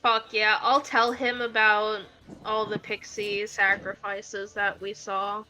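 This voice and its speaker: A woman player in a casual tabletop game, excitable and freely swearing. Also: mid-range voice, slow, faint music behind, poor audio.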